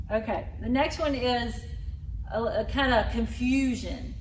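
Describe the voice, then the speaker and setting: A woman leading a group through voice exercises, coaching loud, exaggerated sounds. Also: on the high side, measured pace, a little hiss or hum. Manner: loud, exaggerated vocal demonstrations. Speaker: exercise leader. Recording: echoey room, a bit far from mic.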